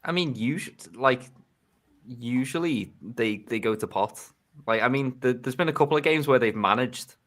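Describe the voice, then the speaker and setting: A man in a casual podcast chat teases the others with a chuckle, often stumbling and restarting his sentences. His voice is mid-pitched and ordinary. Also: moderate pace, a bit bright. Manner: teasing, stammering restarts, chuckling. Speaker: fantasy football podcast co-host.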